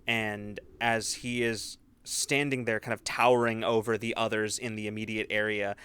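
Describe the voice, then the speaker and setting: Rambling game master man, smooth voice. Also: lowish voice, little pitch movement, moderate pace, fairly bright tone, no echo. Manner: rambling, many fillers and restarts. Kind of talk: narrating a tabletop game.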